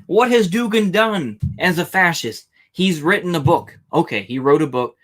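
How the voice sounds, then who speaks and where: A man's voice: fairly high pitch, normal speed, a bit bright. A man hosting a reaction stream, talking in a sarcastic, argumentative, rambling way. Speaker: stream host reacting to a video. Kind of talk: casual commentary.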